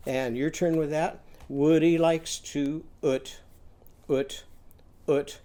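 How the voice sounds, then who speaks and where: Slow, mellow sing-song teacher. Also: mid-range voice, steady tone. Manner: slow, sing-song chanting with drawn-out vowels. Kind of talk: literacy lesson for young children, call-and-response chanting.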